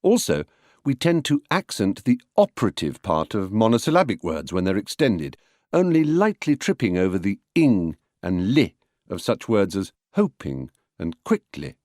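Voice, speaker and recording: A man's voice: fairly low pitch, sing-song, moderate pace, darkish tone, no echo, clean studio sound. A man reads a lesson on word stress aloud in a wry, explanatory way and sounds out examples of stress as he goes. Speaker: reader of a book on verse. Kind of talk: scripted audiobook narration.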